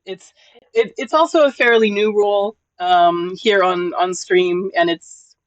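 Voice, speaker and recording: Here a live streamer talks casually with viewers in a gentle, emotional, encouraging way, frequently doubling up words at the start of sentences. The mid-range voice moves a little slowly, with no echo but the highs cut off.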